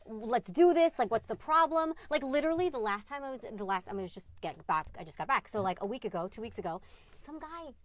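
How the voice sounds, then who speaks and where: A woman guest chatting casually, telling animated stories and quoting the people in them. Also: mid-range voice, fast. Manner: animated storyteller, quotes others. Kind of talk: casual podcast chat.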